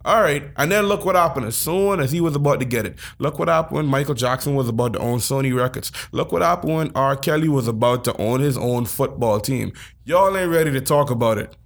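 A man's voice: mid-range voice, brisk. A man co-hosting a podcast in casual chat, talking emphatically and animatedly. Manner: animated, emphatic, laughs a lot. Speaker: podcast co-host.

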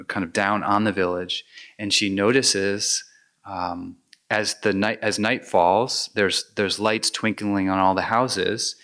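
A man's voice: low-pitched, fairly bright tone. A man giving a dharma talk as a meditation teacher, reflective and storytelling, with frequent restarts.

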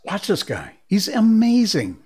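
A man hosting a live stream, reacting to clips and telling stories in a rambling, excitable way with frequent laughs. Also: sits high, unhurried, slightly rough. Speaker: livestream host. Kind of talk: casual live-stream commentary.

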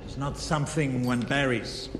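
An actor playing a menacing male villain who speaks in a measured, clipped way, heard in a film clip with music underneath. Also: medium pitch, steady tone, lightly acted. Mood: menacing calm. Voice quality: measured, clipped accented delivery. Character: suave menacing male villain, cold and superior.

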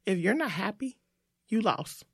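A woman's voice: medium pitch, animated, unhurried, husky, no room sound, studio quality. A woman guest from the United States, talking in a casual interview in an earnest, reflective way.

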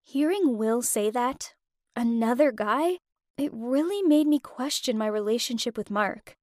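A young woman narrates her own story in a high voice, full of feeling. The sound is dry and close, with no room echo. Her delivery swings with emotion. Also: lively intonation, a little slow, a little mellow. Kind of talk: first-person story narration.

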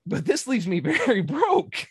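A man co-hosting a casual podcast chat, animated and joking, laughing often. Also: extremely high pitch, a little slow, a little hiss or hum. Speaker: podcast co-host.

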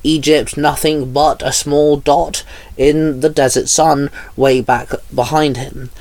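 A man narrating a fan fiction story aloud in a plain, steady storytelling manner. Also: on the high side, slow, no room sound.

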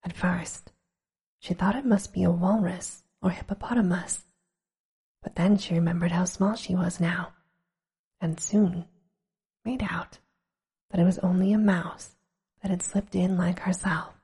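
Lady whispering a storybook, low voice, mellow, hushed and gentle. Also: steady tone, unhurried, long pauses, husky.

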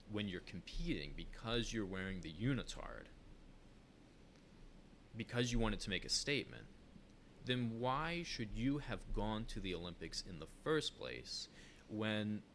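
A man with a fairly low but bright, forceful voice, talking casually on a podcast. He is opinionated and chatty, with fillers and restarts. A faint ambient hiss sits behind him. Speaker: podcast co-host. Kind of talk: casual chat, reading news aloud.

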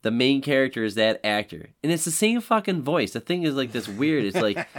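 A man's voice: medium pitch, big pitch swings, a little fast. A man co-hosting a podcast, chatting casually about games with many fillers and restarts. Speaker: podcast co-host. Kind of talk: casual chat.

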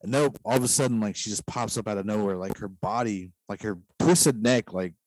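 Low-voiced man telling a rambling story. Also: brisk, darkish tone, dry recording, poor audio. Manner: rambling, heavy use of "like" fillers. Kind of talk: casual storytelling.

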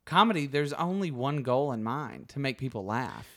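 A man's voice: mid-range voice, expressive, moderate pace, sharp tone. A man in his thirties with a Southern American accent, chatting casually, encouraging and often laughing. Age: 30s. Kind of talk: casual conversation.

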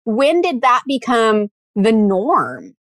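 A woman chatting casually on a podcast, her higher voice swooping in lively arcs. She acts out what people said as she tells her stories. The sound is dry and close. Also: takes it slowly, no room sound. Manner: animated storyteller, acts out quoted lines.

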